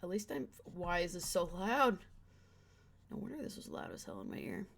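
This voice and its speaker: A woman streaming a game, chatting casually with quick self-deprecating asides. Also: fairly low pitch, very animated, creaky, a little hiss or hum. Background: game music.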